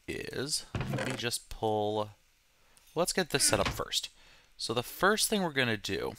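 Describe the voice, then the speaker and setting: A man's voice: fairly low pitch, bright, forceful tone, a little hiss or hum. A man hosting a let's play, talking through his game with casual, joking, self-deprecating asides. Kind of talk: casual gameplay commentary.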